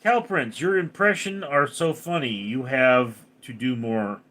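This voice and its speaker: A young man hosting a casual livestream, joking and reacting quickly as he reads out chat messages. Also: medium pitch, a bit bright.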